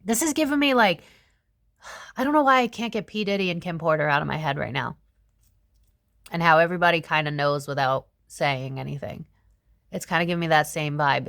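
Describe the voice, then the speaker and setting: A young woman hosting a casual tarot reading, chatty and animated, swearing freely as she talks through the cards. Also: sits low, vocal fry, no room sound, clean studio sound. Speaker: tarot reader host.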